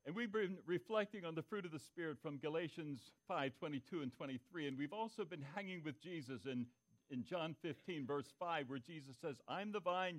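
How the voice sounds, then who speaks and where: A man preaching a sermon, asking the congregation to call out answers and repeating key phrases for emphasis. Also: on the high side. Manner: interactive, asks the congregation for answers. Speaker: pastor.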